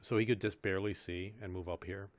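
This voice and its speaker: A man playing in a tabletop game, talking casually with lots of fillers and rushed stretches. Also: low voice, steady tone, no room sound. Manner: rambling, many fillers, rushed bursts. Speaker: player.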